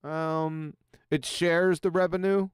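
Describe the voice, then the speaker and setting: A man's voice: fairly high pitch, fairly even intonation, slow pace, clean tone, no room sound, clean studio sound. A man hosting a livestream panel in easygoing casual chat, chuckling often and restarting his sentences. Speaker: livestream host.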